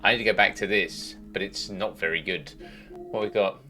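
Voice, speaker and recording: A man's voice: sits low, fairly even intonation, moderate pace, pushed and bright, soft background music. A man livestreaming a game, chatting casually in a rambling, sweary way at a home desk mic. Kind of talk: casual chat while gaming.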